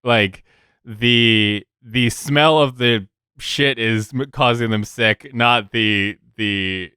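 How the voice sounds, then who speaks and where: A man playing a character in a tabletop game, speaking haltingly with many fillers and restarts. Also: medium pitch, bright, forceful tone, clean tone, dry recording, studio quality. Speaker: player.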